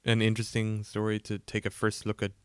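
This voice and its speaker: A man, an indie game developer, chatting casually and a little croaky from a cold while he codes on a livestream, rambling and self-deprecating with lots of fillers. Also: completely flat delivery, a little fast, no echo. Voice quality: gravelly, lower than usual. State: croaky, getting a cold, yawning. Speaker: indie game developer streaming his work. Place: home room, cold.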